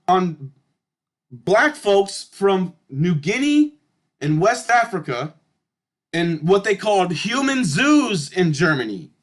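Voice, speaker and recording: This is a man with a notably high voice, giving casual commentary as he reads through documents. He talks bluntly and with emphasis, swears freely, and keeps turning to his viewers to address them. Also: a bit bright. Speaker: channel host. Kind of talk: casual commentary reading through historical charts.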